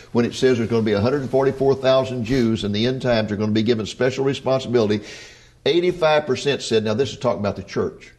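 Older male host, mid-pitched, folksy, chuckles easily. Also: a little mellow. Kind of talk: interview hosting.

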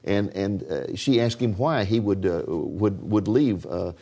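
A man's voice: on the low side, unhurried, gravelly, dark tone. A male host of a talk show, telling stories to viewers in a folksy manner and steering the interview.

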